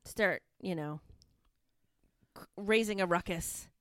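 A podcast co-host takes it slowly in a fairly low, slightly bright voice as she enthusiastically recaps wrestling in a casual chat packed with fillers. There's no room sound, and the studio recording is clean.

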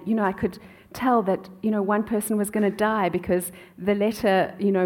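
A middle-aged woman from South Africa, an author telling her family story in an interview, with many pauses and "um"s. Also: mid-range voice. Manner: warm storytelling with frequent "um" pauses. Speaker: author and guest. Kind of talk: conversational interview answers.

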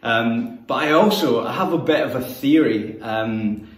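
A Scottish man in his thirties gives a sermon in a roomy church hall, caught by a mic set some way off. His voice sits at an ordinary pitch. He talks in a relaxed, conversational, self-deprecating way. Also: unhurried. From Scotland. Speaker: church youth leader. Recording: echoey room, mic at a distance.

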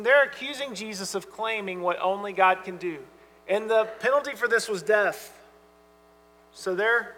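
A man preaches with an earnest, emphatic delivery, his voice high and bright. He drops to quiet, tender asides for quoted lines. The sound carries a long hall reverb over a faint mains hum. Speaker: pastor. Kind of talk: sermon.

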